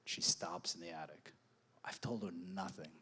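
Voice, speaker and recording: On stage, a man recounts a personal story, acting out the quoted dialogue and laughing often along the way. His voice is low and a bit breathy, his pace normal, and his manner animated.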